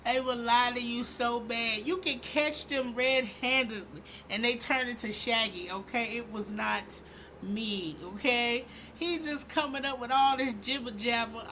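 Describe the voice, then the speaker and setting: A woman hosting a commentary vlog, talking in an animated, emphatic and sarcastic way. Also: a little high, unhurried, slight background noise. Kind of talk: opinionated commentary.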